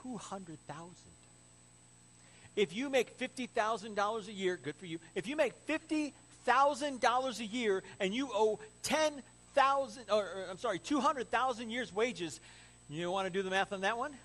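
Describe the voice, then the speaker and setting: A man preaching a sermon in an animated, conversational way with joking asides, as pastor. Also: high-pitched, normal speed, low-quality recording.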